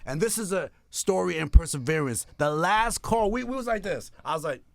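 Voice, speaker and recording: Man telling a story with lively acted-out voices. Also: high-pitched, moderate pace, gravelly, no room sound, studio quality. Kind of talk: animated storytelling in an interview.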